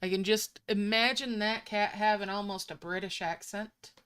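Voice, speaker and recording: A woman's voice: mid-range voice, fairly even intonation, moderate pace, fairly bright tone, clean tone. A woman giving casual, chatty commentary while playing a mobile game, musing aloud between moves on a desk microphone.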